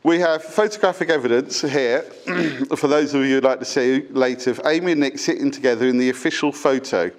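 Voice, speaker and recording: A middle-aged man, father of the bride, reading his wedding speech from notes with fond, gently humorous delivery and small stumbles. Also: medium pitch, brisk, few pauses. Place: wedding reception.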